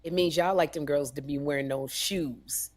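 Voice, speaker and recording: A woman co-hosting a comedy podcast, telling stories in a sassy, animated way and acting out voices. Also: deep voice, normal speed. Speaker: podcast co-host. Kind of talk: casual comedic storytelling.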